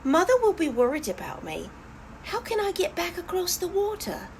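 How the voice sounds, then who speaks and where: Storybook casting: a woman doing a nervous young hare boy, high and fretful, faint hiss behind. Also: very animated, moderate pace, full character voice. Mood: anxious. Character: timid young male hare, anxious.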